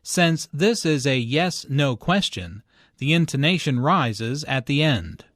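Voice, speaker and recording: An English teacher reads a lesson script, speaking each word slowly and clearly in an even delivery. His voice is a little high, and the recording is dry and close with no room sound.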